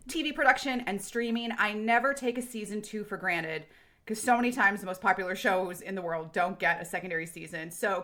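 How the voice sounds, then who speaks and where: Bright, animated woman podcast host. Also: mid-range voice. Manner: animated, swears freely, acts out quotes. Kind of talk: casual podcast chat.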